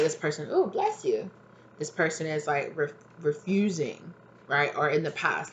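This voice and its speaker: A woman's voice: low-pitched, muffled recording, slight background noise. A woman giving a casual, rambling tarot reading at home, full of fillers. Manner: chatty, rambling, many fillers. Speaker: tarot reader.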